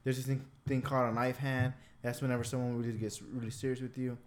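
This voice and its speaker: A man's voice: mid-range voice, little pitch movement, quick pace. Blunt, slangy man chatting. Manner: blunt, slangy, matter-of-fact. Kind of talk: casual chat.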